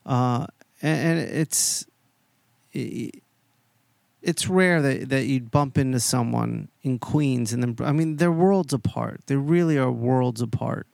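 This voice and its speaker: Man, podcast host, casual storytelling, gravelly but resonant, dry close sound. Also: medium pitch, slow pace, dry recording. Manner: profane, animated, fills the story with quoted voices.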